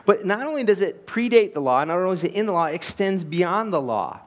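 A pastor with a high-pitched, sing-song voice preaches briskly, earnest and emphatic. He poses rhetorical questions and tells anecdotes with light laughs.

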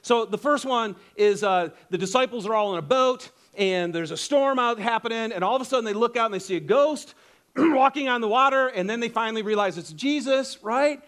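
A man preaching a sermon, telling a story with lively acted-out quotes and casual asides. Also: very high-pitched, fairly quick. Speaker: pastor.

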